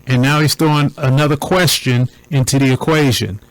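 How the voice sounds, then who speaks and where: A man with a mid-range voice talks through a recording point by point. His delivery is deliberate and preacher-like, with repeated phrases for emphasis. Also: medium pitch, fairly even intonation, no room sound, rough recording. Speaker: commentator. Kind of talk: commentary on a recording.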